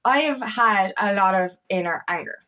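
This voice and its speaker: A woman's voice: mid-range voice, normal speed, sharp tone. A woman, an empowerment coach, talking candidly and emphatically, swearing often and sometimes raising her voice. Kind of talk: candid personal monologue.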